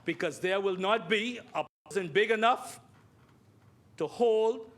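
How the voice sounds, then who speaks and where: A Bahamian man with a noticeably high-pitched voice speaks in a parliament chamber. He delivers an emphatic debate speech, circling back on his phrases and turning to address the chair again and again. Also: unhurried, fairly bright tone. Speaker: member of parliament.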